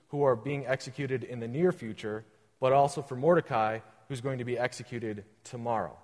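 Man preaching in a reverberant hall. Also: medium pitch. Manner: casual explaining with restarts and modern comparisons. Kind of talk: sermon with scripture reading.

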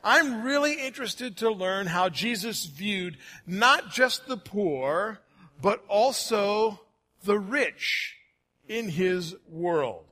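A man delivers a Sunday sermon to his church in a fairly high voice. His tone is bright and forceful, and he keeps it friendly with jokes. He slows right down on key phrases. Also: lively intonation. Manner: friendly, joking, varies pace for emphasis. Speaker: preacher.

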